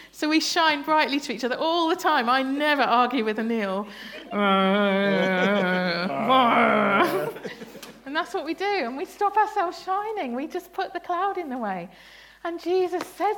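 A woman leads a bible study at a church service, speaking in a slightly high, light voice. She is playful and chatty, quizzing children and parents and laughing between points. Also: expressive, moderate pace, hardly any pauses, a bit bright. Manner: playful, laughing, asks the congregation questions. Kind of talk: interactive family sermon.

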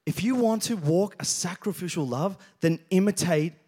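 A man, a pastor preaching a sermon, telling stories and building to loud, emphatic passages. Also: sits high, normal speed, breathy edge.

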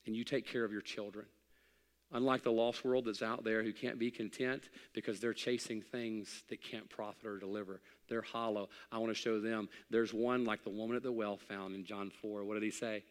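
A man preaching a folksy, humorous sermon as a pastor, building to loud emphatic peaks. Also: on the low side, flat delivery, moderate pace. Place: church sanctuary. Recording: long hall reverb.

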